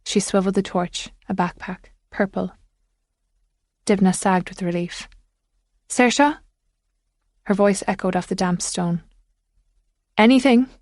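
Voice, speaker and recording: A woman narrating a thriller audiobook in a measured, suspenseful way. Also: medium pitch, little pitch movement, a little mellow, no echo.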